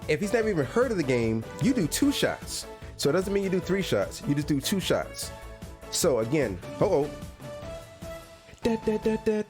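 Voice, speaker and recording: A man's voice: fairly high pitch, very animated, normal speed, over music. A man hosting a casual podcast livestream from home, playful and teasing, laughing often. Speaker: podcast host.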